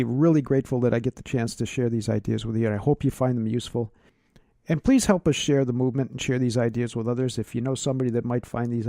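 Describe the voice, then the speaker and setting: Earnest gravelly-voiced male podcast host. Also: mid-range voice, mellow, no echo, studio quality. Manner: earnest, emphatic, drawn-out stresses. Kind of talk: solo podcast monologue.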